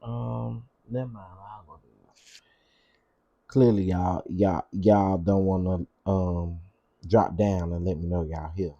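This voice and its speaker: A man's voice: sits low, steady tone, slow pace, vocal fry, dark tone, lo-fi sound. A man hosting a cooking channel, chatting casually with his livestream viewers, greeting them by name and repeating himself often.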